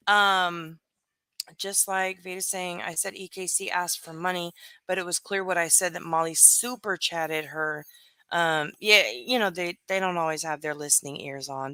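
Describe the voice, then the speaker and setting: A woman's voice: lowish voice, pushed and bright, smooth, no room sound. A woman live streaming, blunt and profane, chatting casually and greeting her chat by name.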